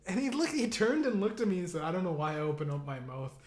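A man's voice: high voice, fast. A man hosting a podcast, telling a story in a loose, profane way, laughing often and acting out what his friends said. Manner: profane, laughing, animated storytelling with acted-out quotes. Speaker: podcast host. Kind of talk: casual storytelling.

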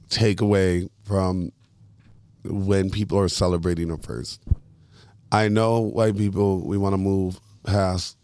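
A man's voice: low-pitched, darkish tone, dry recording. A man hosting a podcast in casual chat, rambling, swearing freely and losing his train of thought. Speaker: podcast host.

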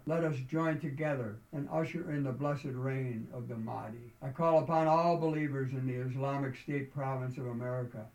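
Man reading as defiant militant leader, declamatory, shouting peaks, roomy echo. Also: mid-range voice, recorded from a distance, natural voice. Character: male militant leader proclaiming holy war.

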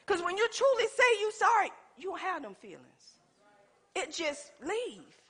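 Woman, preacher, sermon, bright voice, lively storytelling. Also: extremely high pitch, a little slow. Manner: animated storytelling, addresses congregation as y'all.

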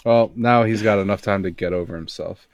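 Blunt low-voiced young man. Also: fairly quick, no room sound. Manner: blunt, swears. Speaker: podcast co-host. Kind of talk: casual chat.

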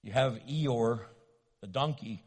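A man preaching a sermon as pastor, loud and animated, joking and acting out little scenes. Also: medium pitch, slow, husky, big-room sound. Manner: loud, animated, playful with acted asides. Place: church sanctuary.

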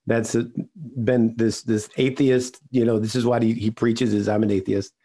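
An older man telling a personal story in an interview, earnest and halting, often restarting his sentences. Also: mid-range voice, level tone, dark tone. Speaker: regular podcast host, interviewed guest.

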